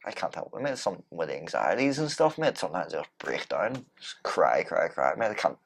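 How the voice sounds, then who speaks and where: A man's voice: deep voice, big pitch swings, moderate pace, creaky, slight background noise. An easygoing man in a casual podcast chat who laughs often and drops "mate" into nearly every sentence.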